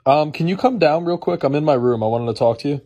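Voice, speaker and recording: A man's voice: on the high side, quick pace, warm tone, muffled recording. A young man, a son, teasing and pleading playfully while filming pranks. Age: young adult. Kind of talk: casual prank video.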